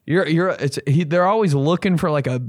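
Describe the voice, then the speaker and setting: A comedian host riffing in a loose, profane, rambling way, with sudden loud bursts. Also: male voice, fairly high pitch, a little fast, no room sound, studio quality. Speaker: comedian host reacting to listener stories.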